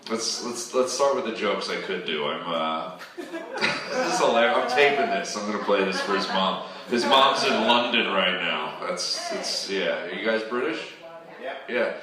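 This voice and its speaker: Low-voiced stand-up comic, chats with the crowd, taped from afar in a roomy club with laughing audience. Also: male voice, sing-song, unhurried. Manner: chatty, riffs with the audience. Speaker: stand-up comedian. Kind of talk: stand-up set. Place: comedy club. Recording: distant roomy club recording.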